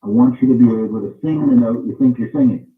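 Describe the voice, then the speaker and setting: A man talks through his views in an interview, pressing his points and repeating them for stress. His voice sits at an ordinary pitch. It comes through thin and phone-like, from a distance in a roomy space. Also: fast. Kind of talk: interview answer, explaining. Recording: tinny phone-like sound, roomy, off-mic.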